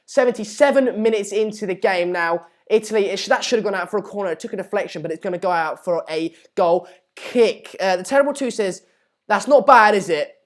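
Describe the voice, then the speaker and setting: A man's voice: high voice, fast talker, hardly any pauses. A man from Sweden hosting a live football watchalong, casually commenting on play and reading viewer comments. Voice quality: chatty, reads viewer comments aloud. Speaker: live stream host.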